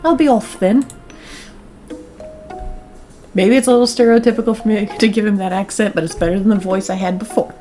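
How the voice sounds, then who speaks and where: A woman's voice: mid-range voice, fairly even intonation, rapid-fire, hardly any pauses, dark tone, faint music behind. A woman hosting a casual let's-play, chatting in a giggly, chatty way. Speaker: gaming channel host.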